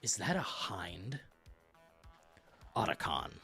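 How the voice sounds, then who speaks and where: A man doing a low, gruff impression of a grizzled male soldier calling in over the radio, with faint music in the background. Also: very animated, takes it slowly, pushed and bright, heavily acted. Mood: terse.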